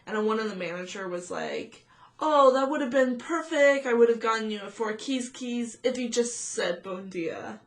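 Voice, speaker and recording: Co-host; mid pitch; hesitant, filler-heavy, easygoing chat. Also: lively intonation, normal speed. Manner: hesitant, many fillers, laughs along. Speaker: podcast co-host, former theme park cast member. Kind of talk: casual chat.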